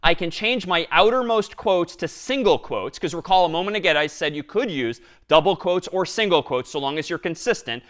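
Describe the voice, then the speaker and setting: A man lectures on programming to a class, talking through each line of code he types. His voice sits fairly high, and he keeps an engaged, lively manner throughout. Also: a little fast, hardly any pauses. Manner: explains step by step, lively and engaged. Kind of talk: university lecture with live coding.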